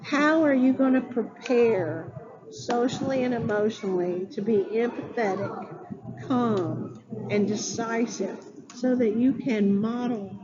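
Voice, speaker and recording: A woman educator giving an instructional talk to teachers, deliberate and spelling words out letter by letter. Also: fairly high pitch, background noise. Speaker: early childhood educator. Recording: dull lo-fi sound with clear background ambience.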